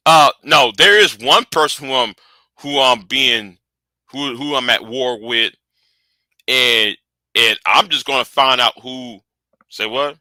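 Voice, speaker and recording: A man's voice: medium pitch, slow, sharp tone, dry recording, poor audio. A man hosting a livestream, ranting heatedly and profanely, often repeating and restarting his words. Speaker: livestream host. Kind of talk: angry livestream rant.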